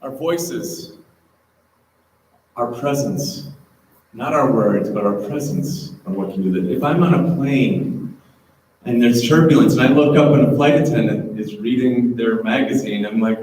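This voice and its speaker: A male presenter giving a relaxed, conversational talk to a room of parents. He keeps checking in with the audience with an easy "right?". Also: mid-range voice, normal speed. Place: school auditorium. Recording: echoey hall, voice from far off, faint hum.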